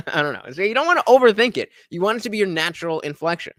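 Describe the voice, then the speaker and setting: Lively man shouting out donors. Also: high voice, fast, hardly any pauses, no room sound, clean studio sound. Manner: loud animated shout-outs to donors. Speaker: streamer reacting to a podcast. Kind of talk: casual live-stream commentary.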